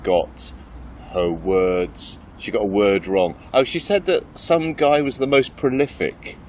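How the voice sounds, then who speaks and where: Low-voiced, hesitant male host. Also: steady tone, a little slow, darkish tone, slight background noise. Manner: hesitant, searching for words, laughing easily. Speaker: podcast host. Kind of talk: casual chat.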